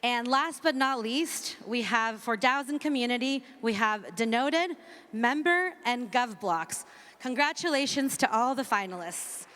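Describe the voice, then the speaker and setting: A woman's voice: fairly high pitch, animated, unhurried, fairly bright tone. A woman hosting a ceremony on a conference stage, announcing finalists in an upbeat way with fillers between names. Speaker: ceremony host. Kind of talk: announcing winners at a live event. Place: large conference hall stage. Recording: reverberant large hall.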